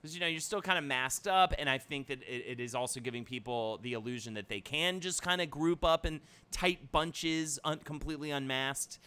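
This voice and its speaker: A man co-hosting a live comedy stream, bantering casually with a deadpan, mock-outraged humor. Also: mid-range voice, normal speed, few pauses, clear, resonant tone.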